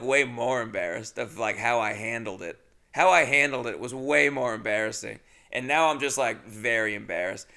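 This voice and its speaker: Gravelly man telling a rambling story. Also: mid-range voice, bright, forceful tone. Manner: acts out both sides of dialogue, rambling and self-deprecating. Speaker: podcast host. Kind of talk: comedic storytelling monologue.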